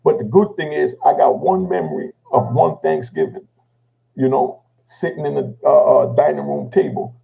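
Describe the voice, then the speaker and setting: This older Jamaican man relates his own experiences at a moderate pace, casually and emotionally, in a gravelly voice. After each thought he adds "you know what I mean," and his voice sinks low and quiet when he repeats his own words. The sound is lo-fi.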